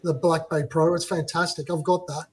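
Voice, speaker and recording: A man's voice: on the high side, little pitch movement, normal speed, crowd noise. A man with an Australian accent, chatting casually and enthusiastically on a livestream. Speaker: livestream guest. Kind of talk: casual chat.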